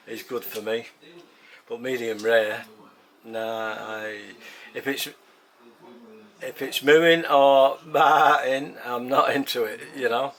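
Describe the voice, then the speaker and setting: An Englishman with an English accent talks slowly and chattily to his viewers from his home kitchen. He rambles and circles back on his words at an unhurried pace, in a voice of middling pitch. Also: fairly bright tone. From England. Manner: rambling, chatty, repeats himself. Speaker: home cooking vlogger. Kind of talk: casual chat to camera.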